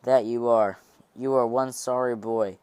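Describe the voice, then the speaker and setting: A sharp-tongued stooped old man scolds in a nasal tenor, read by a man. The voice stays smooth and close, with a dry sound and no room around it. This is amateur audiobook reading. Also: medium pitch, fairly even intonation, measured pace, dry recording, natural voice. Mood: gruff scolding. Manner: scolding, mocking.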